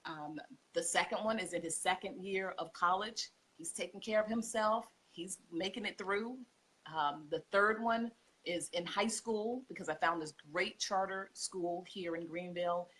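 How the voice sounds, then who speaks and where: Homeschool mom guest, forties, husky, emotional storyteller. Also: female voice, fairly low pitch, measured pace. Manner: heartfelt, tearful, expressive storytelling. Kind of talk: emotional podcast interview.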